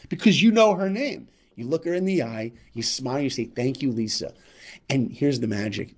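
A man with a fairly high voice shares a motivational story on a podcast. He repeats himself for emphasis and moves back and forth between loud bursts and quiet moments.

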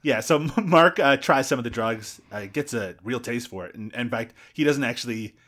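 A man's voice: mid-range voice, normal speed, fairly bright tone. A man co-hosting a podcast, retelling a movie's plot in casual chat with jokes and asides. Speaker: podcast co-host.

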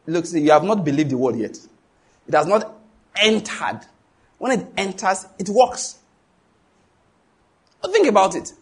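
A man's voice: a little high, slightly rough. A middle-aged man with a Nigerian English accent preaching a sermon, emphatic and questioning the congregation so they finish his lines.

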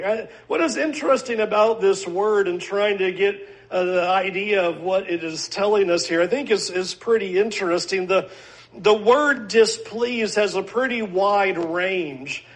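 A man with a fairly high voice preaches a sermon. He speaks earnestly and at a measured pace, often posing rhetorical questions to his listeners. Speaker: pastor.

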